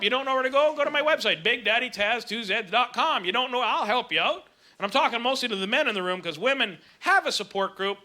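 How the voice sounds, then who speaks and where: A brash, middle-aged man works a comedy club crowd, his voice sitting unusually high for a man. He mocks himself loudly and stumbles through restarts. A handheld stage mic picks him up over loud audience laughter. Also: background noise. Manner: loud, brash, self-mocking delivery with frequent restarts. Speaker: stand-up comedian. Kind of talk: stand-up comedy set.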